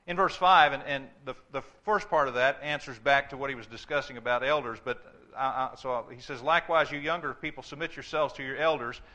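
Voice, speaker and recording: Emphatic preacher man, bright voice. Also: mid-range voice, fairly quick, hardly any pauses. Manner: emphatic, repeats words and restarts when stressing a point. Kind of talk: sermon. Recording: dull lo-fi sermon recording.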